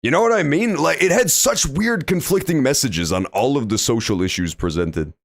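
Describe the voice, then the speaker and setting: A young man streaming a game, reacting loudly and swearing often in casual commentary. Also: medium pitch, moderate pace, gravelly, dry recording, clean studio sound. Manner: animated, reactive, swears often, loud outbursts. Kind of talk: let's play commentary.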